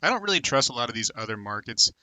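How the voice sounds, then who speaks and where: With no room sound, this American man in his thirties talks rapid-fire in a medium-pitched, sing-song, bright and forceful voice. He hosts a casual livestream, reading comments aloud, calling viewers by name, and rambling with lots of filler.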